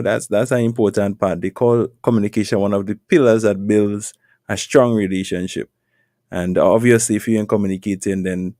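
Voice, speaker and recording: A man's voice: on the low side, warm tone, dry recording, clean studio sound. A man hosting a casual advice talk, repeating words and firing off rhetorical questions in a preachy way. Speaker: podcast host.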